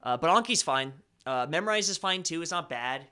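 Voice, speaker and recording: A man's voice: a little high, animated, moderate pace, bright, forceful tone, clean tone. A young man hosting a casual live stream, chatting loosely and reading viewer comments with a self-deprecating, rambling manner.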